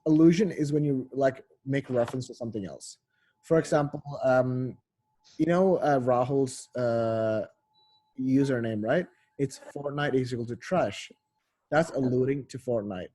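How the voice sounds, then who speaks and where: A man's voice: medium pitch, unhurried, warm tone, breathy edge. A male tutor explaining things casually, full of "like" and "um" and correcting himself as he goes. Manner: loose, filler-heavy explaining with frequent self-corrections.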